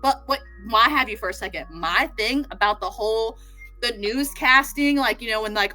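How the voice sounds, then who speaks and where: A woman co-hosting a live chat, excitable and profane, acting out quotes as she goes. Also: a little high, moderate pace, soft background music. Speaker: podcast co-host.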